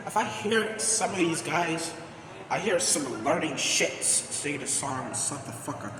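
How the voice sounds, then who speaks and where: A man voicing a foul-mouthed, angry male house cat in amateur comedic voice acting, ranting and shouting with constant swearing. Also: a little high, expressive, unhurried, crowd noise. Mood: furious ranting. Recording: echoey room with long reverb.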